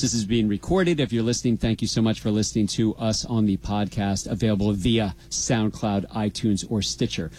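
A man's voice: mid-range voice, a little mellow. A middle-aged man hosting a college radio show in a studio, joking and rambling with his co-hosts. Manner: playful, rambling, punning.

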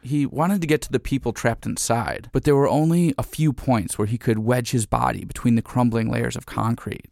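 A man giving scripted narration in a calm, measured storytelling manner. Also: medium pitch, vocal fry, dry recording. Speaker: narrator and producer.

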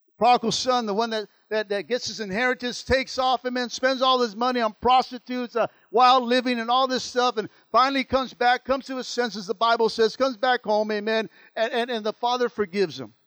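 A man, preaching a sermon in a high-pitched voice. He repeats phrases and calls out to the congregation. The sound is dry and close, with no room echo. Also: steady tone, a little fast, fairly bright tone, clear, resonant tone. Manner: preaching with call-outs and repetition. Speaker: pastor.

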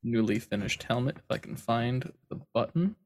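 Male co-host, mid-pitched voice, excitable gamer chatter, playful with accents. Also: moderate pace, gravelly. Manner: animated, slips into silly accents. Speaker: podcast co-host. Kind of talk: casual chat.

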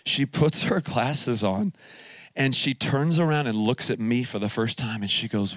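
Animated man preaching a camp sermon. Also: medium pitch, moderate pace, dry recording. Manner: animated storytelling, acting out dialogue. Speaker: pastor. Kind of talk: live sermon at a youth camp. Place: camp meeting hall.

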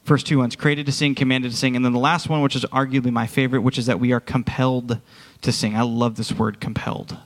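A man's voice: mid-range voice, little pitch movement, fast, big-room sound. A man preaching a sermon as worship pastor, speaking earnestly and directly to his congregation in a church. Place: church sanctuary.

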